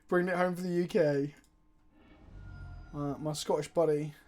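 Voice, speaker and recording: A man's voice: a little high, steady tone, unhurried, a little mellow. A man streaming a card game live, chatting casually, swearing freely and answering viewers' chat as he plays.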